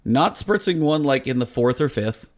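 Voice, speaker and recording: A man's voice: medium pitch, lively intonation, moderate pace. A man co-hosting a gaming podcast in casual chat, sarcastic and exasperated as he picks apart game design. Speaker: podcast co-host.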